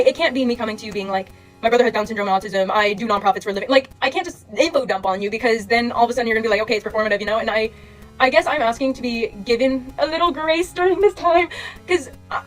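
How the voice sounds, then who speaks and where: A young woman talks fast and earnestly to her followers, rambling from thought to thought with a constant stream of fillers. Her voice sits a little high, with faint music behind her. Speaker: social media creator. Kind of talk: casual monologue to followers.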